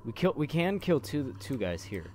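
A man's voice: medium pitch, sing-song, moderate pace, a little mellow, slight background noise. Jumpy young man playing horror game. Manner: jumpy, swears and yelps when scared. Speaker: gameplay commentator. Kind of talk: horror game let's play commentary.

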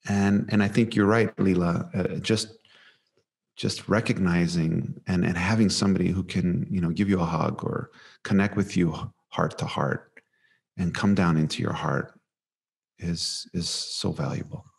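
A man sharing a personal story in a heartfelt conversation, emotional and soft-spoken in places. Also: deep voice, fairly even intonation, moderate pace, creaky. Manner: warm storytelling, emotional, softens to near whisper for quotes. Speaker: panel speaker.

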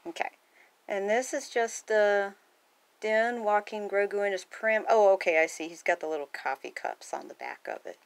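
A woman's voice: on the low side, a little slow. A woman casually reading a picture book aloud, chatting, laughing and gasping between pages. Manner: chatty, often laughs and gasps, lively character lines. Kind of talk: casual read-aloud with commentary.

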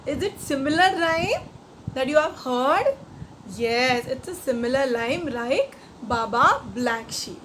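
A woman's voice: high-pitched, animated, a bit bright, a little hiss or hum. A woman teacher with an Indian English accent, coaxing young children with questions and teaching them a nursery rhyme. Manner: slow, sing-song, coaxing questions to children.

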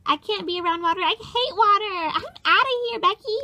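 A woman's voice: extremely high pitch, a little fast, heavy background noise. A young woman voicing a dramatic, easily scared pet character who talks in a whiny valley-girl way.

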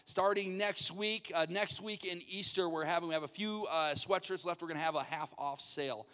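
A man pastor runs a light game from the stage, teasing and coaxing volunteers with quick asides. His voice sits a little high. The sound carries the long reverb of a church sanctuary. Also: sharp tone. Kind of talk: playful audience hosting from the stage.

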